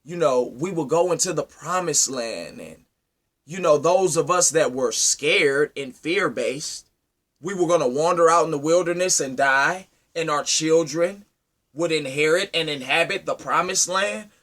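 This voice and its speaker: Man, preachy monologue, confrontational, high voice, bright tone. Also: measured pace. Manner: preachy, confrontational, asks rhetorical questions; wide swings from loud to low. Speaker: speaker addressing his community. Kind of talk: impassioned monologue.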